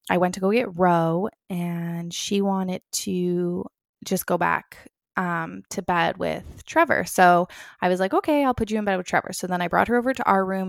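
A young woman tells a story straight to the camera in an easy, rambling way, leaning on filler words and replaying her own past thoughts aloud. Her voice carries a gravelly fry at the ends of phrases. The sound is close and dry, with no room around it. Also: fairly low pitch, no echo. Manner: chatty, full of "like" fillers, acts out her own past lines. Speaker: vlogger. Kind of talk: casual storytelling.

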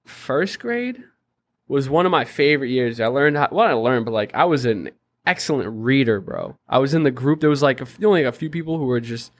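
A man's voice: medium pitch, a little fast. A young man co-hosting a podcast, telling school stories in casual, slangy chat. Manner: animated storyteller, slangy. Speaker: podcast co-host.

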